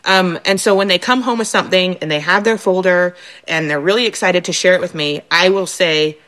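A woman's voice: lowish voice, brisk, rough recording. Chatty mother telling family stories. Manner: animated, acts out her kids' voices. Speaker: panelist mom. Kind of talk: casual chat.

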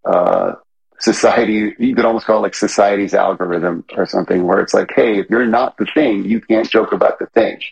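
Man, comedian guest, low husky voice, rambling; dull lo-fi audio. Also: animated, brisk. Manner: rambling, filler-heavy, self-correcting. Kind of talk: casual interview chat.

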